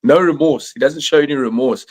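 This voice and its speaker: A man's voice: medium pitch, fairly quick. Rambling man in casual podcast chat. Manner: rambling, lots of likes and restarts. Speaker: podcast panelist. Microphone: streamed video call.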